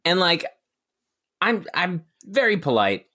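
A man co-hosting a comedy podcast, chatting casually and dropping wry, quick interjections. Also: sits high, very animated, bright, forceful tone. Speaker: podcast co-host.

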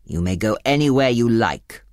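A woman voicing a short-tempered, hairy male beast in a storybook reading, shouting gruffly. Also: rumbling low, lively intonation, moderate pace, no echo, studio quality, voice pushed down. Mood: stern.

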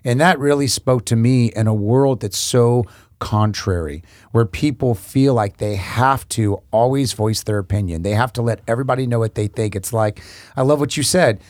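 A man's voice: medium pitch, normal speed, darkish tone, no room sound, clean studio sound. A man in a casual Bible discussion who reads a passage aloud and reflects on it in an encouraging way. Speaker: co-host of a devotional talk.

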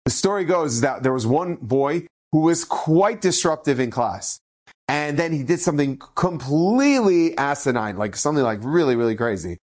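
A man's voice: a little high, moderate pace. A man, a rabbi, telling inspirational stories in a Torah talk, acting out the quoted speech. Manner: animated, acts out quoted speech.

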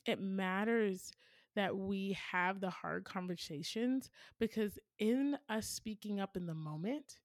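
A woman's voice: mid-range voice, unhurried, dry recording, studio quality. A woman in her thirties, a podcast host giving casual parenting advice in an earnest, storytelling way with lots of "like" and "right?". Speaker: podcast host answering a listener question.

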